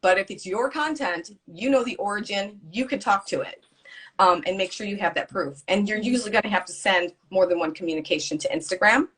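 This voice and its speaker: A woman guest in a casual conversation, telling her story in an animated way and swearing freely. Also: medium pitch, a little fast, slightly rough.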